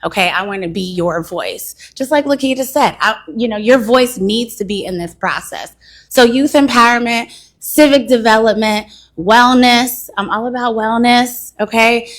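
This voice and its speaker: A woman's voice: a little high, moderate pace. Woman, campaign speech, emphatic, persuasive, middle-aged. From Cincinnati. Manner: emphatic, persuasive, peppers with "okay". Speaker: council candidate. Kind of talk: campaign speech at community meeting.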